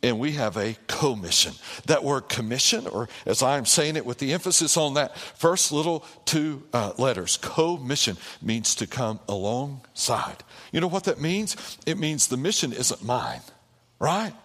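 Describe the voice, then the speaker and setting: A pastor preaching a sermon in an animated way, with repeated phrases and calls of "amen" to the congregation. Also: male voice, mid-range voice, measured pace. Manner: animated, repetitive rhetorical preaching with call-and-response. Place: church sanctuary. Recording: long hall reverb in a church.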